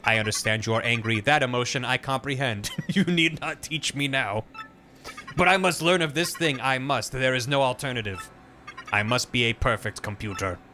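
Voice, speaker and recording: A man voicing a proud male computer who speaks in a stiff, measured, formal way and is puzzled by feelings. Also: mid-range voice, pushed and bright, a little hiss or hum, natural voice. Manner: stiff, measured robotic delivery.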